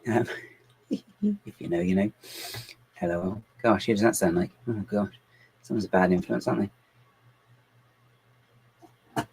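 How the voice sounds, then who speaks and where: A man's voice: lowish voice, unhurried, creaky, pauses often, a little mellow, slight background noise, poor audio. A man chatting casually on a livestream as he builds LEGO, reading out viewers' comments and muttering his thoughts to himself. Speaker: LEGO builder streaming live.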